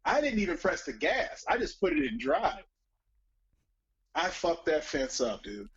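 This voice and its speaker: Man, storyteller type, profane and animated, husky tone, lo-fi audio. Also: fairly high pitch, unhurried. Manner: profane, animated, acts out quoted voices. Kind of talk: casual storytelling chat.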